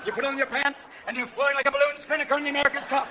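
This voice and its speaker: A man in his fifties performing stand-up comedy, switching manically between voices and bursting into shouts. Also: extremely high pitch, steady tone, very fast, hardly any pauses, a crowd in the background. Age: 50s. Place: theater stage before a laughing audience. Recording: live theater recording with audience noise.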